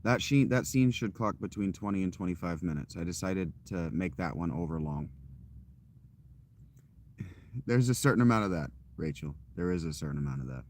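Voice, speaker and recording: A man in his thirties chatting casually with his stream while walking outdoors, rambling with fillers and self-corrections in a loud, projecting voice. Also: deep voice, lively intonation, normal speed, slight background noise. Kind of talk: casual live-stream chat. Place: outdoors, walking through a parking lot.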